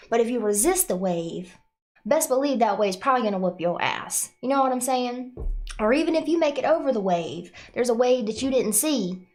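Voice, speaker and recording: A woman hosting a casual livestream, rambling and swearing a lot, using "like" often, sounding nauseous and worn out. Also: medium pitch. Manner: profane, rambling, confessional; frequent filler "like". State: nauseous and exhausted. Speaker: livestream host.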